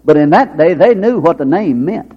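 Man, preaching, folksy storytelling, slightly raised pitch, dull lo-fi recording. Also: expressive, moderate pace, husky. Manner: folksy, plays out characters in quoted voices, rhetorical questions. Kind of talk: sermon with acted-out anecdotes.

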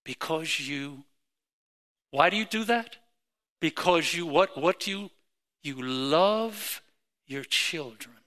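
A middle-aged man preaching a sermon as pastor, emphatic with repeated phrases that climb in pitch. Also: lively intonation, takes it slowly, long pauses, pushed and bright.

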